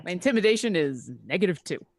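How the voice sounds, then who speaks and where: Lively, expressive woman player. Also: fairly low pitch, brisk, creaky, no echo, studio quality. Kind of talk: casual tabletop play.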